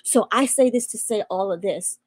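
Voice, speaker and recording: A woman's voice: mid-range voice, moderate pace, a little mellow, dry recording. A young woman sharing her personal faith testimony as a guest, speaking fervently and repeating phrases for emphasis. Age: young adult.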